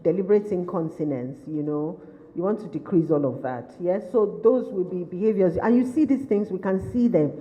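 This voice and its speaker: A woman's voice: on the low side, warm tone. Woman lecturing in an echoey hall. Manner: asks rapid repeated questions, lists and restates points. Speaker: behaviour management trainer. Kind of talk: workshop lecture to caregivers. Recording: lo-fi recording with long hall reverb.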